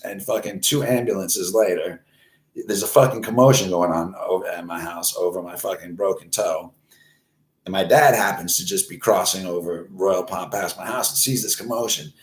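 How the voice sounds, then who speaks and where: In an echoey room, a crude, rambling host in his forties from Florida tells a profane story in a voice on the low side. He curses nonstop and grows animated while reenacting moments.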